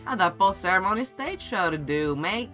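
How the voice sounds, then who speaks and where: Casual drawling young actor, done by a man, bright voice. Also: high-pitched, expressive, normal speed, soft background music, voice pushed up. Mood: laid-back. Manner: drawling, says "dude" a lot. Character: laid-back young male TV actor. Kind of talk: reading game dialogue aloud.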